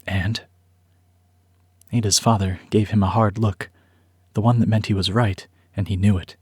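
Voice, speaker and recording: Man, audiobook narration, measured and even, low husky voice, dry close mic. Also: no room sound.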